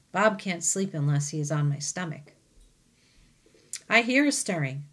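A woman's voice: sits low, moderate pace. Woman teacher reading a storybook aloud. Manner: gentle, chatty asides between passages.

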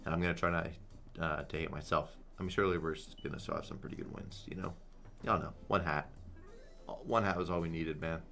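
Casting: young male streamer, deep voice, hype slot commentary, faint music behind. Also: quick pace, vocal fry. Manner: excitable, swears a lot, chants "come on". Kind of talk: live gambling commentary.

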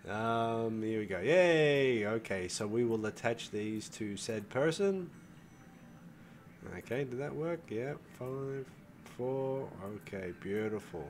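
This older man's voice sits in the middle range, with a slow delivery and a darkish tone. Hosting a gaming video, he chats and thinks aloud as he plays, swears liberally, and calls viewers "folks," over slight background noise.

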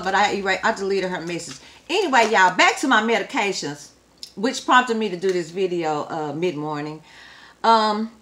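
A woman chatting casually to camera as a vlogger, calling her viewers y'all and swinging from quiet, low talk to loud, animated outbursts. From Texas.

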